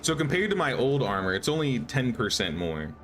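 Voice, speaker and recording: A man's voice: medium pitch, very animated, fairly quick, a bit bright, soft background music. Casual man thinking aloud over gameplay. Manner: thinks aloud, rambling with restarts. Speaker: gaming streamer. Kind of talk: casual live gameplay commentary.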